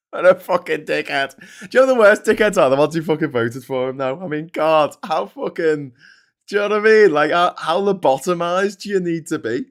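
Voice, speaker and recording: A man's voice: a little high, animated, normal speed, fairly bright tone. A British man hosting a show, ranting with sarcastic, sweary commentary and laughing between jabs. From Britain. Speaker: host.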